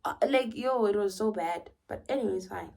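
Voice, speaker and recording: A young woman with a South African accent telling a personal story in an animated way, often dropping to a whisper. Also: mid-range voice, fairly quick, vocal fry. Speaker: vlogger.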